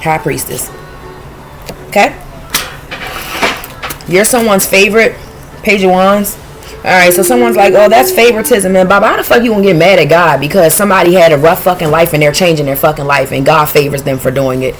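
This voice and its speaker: A woman giving a casual intuitive tarot reading, blunt and profane, talking in a streetwise, animated way. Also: fairly low pitch, fairly quick, long pauses, over music. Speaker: tarot reader.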